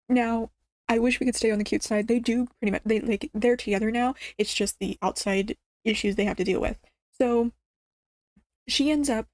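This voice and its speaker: A woman with a fairly high voice rants excitedly as she recaps a drama, rambling and restarting her sentences. The sound is dry and close, with no room around her. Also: creaky, dry recording. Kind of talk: casual ranting recap. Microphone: studio mic.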